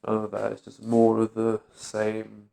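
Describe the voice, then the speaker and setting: A man with a gravelly, creaky voice talking in a bitter, agitated vlog rant. He swears freely and sounds worn out and fed up. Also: on the low side, monotone, a little slow, mellow. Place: London street.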